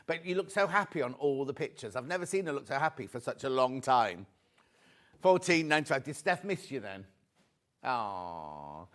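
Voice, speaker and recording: A British man presenting a live shopping show, chatty and excitable as he reads out viewer messages. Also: mid-range voice, a little fast. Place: TV studio.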